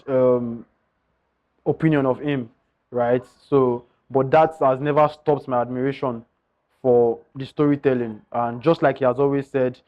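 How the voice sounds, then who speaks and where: A man telling his own story in a candid, earnest way, often calling his listeners guys. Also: medium pitch. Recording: slightly dull lo-fi sound.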